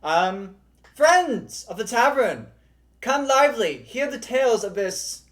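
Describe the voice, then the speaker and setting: A man's voice: very high voice, sing-song, slow, a bit bright, voice pushed up, full character voice. A man voicing a fussy, welcoming tavern keeper who bustles guests inside. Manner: fussing, welcoming.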